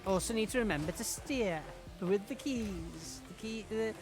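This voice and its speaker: A man's voice: high-pitched, moderate pace, over music. A man chatting in a rambling, self-mocking way while commentating his own gameplay on a stream. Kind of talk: casual game-stream commentary.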